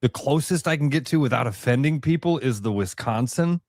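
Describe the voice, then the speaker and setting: A male radio co-host chats in a relaxed, easygoing way at an ordinary mid pitch. The sound is dry and close, from a studio microphone. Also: a little fast, dry recording. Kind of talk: casual radio chat.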